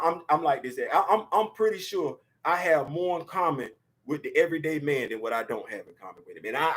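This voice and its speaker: Man, high-pitched voice, excitable casual pop-culture host, shouts and laughs.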